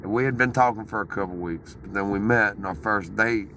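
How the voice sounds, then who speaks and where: A man with a raspy voice telling a rowdy, profane story in casual chat. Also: lowish voice, brisk, pushed and bright, a little hiss or hum. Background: music playing.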